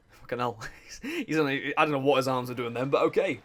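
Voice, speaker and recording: A young man giving casual, swearing, laughing commentary on a game he plays, and he keeps clearing his throat. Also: medium pitch, very fast, a bit bright, faint music behind. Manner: chatty, swearing, laughs a lot, self-interrupting. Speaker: let's play host.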